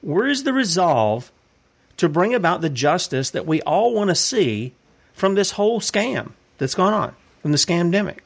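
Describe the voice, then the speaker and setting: A man's voice: high voice, very animated, moderate pace, gravelly. A man hosting a casual commentary show, reading news articles aloud and asking rambling questions about them. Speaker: host.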